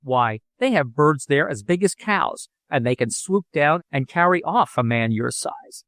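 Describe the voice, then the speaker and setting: A confident young inventor, playful and reassuring, as a male narrator voices him. The delivery is animated, dry and close. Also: fairly high pitch, measured pace, no echo. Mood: teasing.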